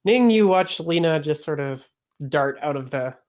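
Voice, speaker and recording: Woman game master, relaxed chatty narration, lowish voice. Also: moderate pace. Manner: casual, lots of "like" and fillers.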